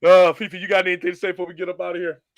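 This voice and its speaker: A man hosting a casual talk show, telling stories in an animated way and acting out phone menus. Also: sits high, rapid-fire, no echo, clean studio sound. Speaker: show host. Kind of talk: casual podcast chat.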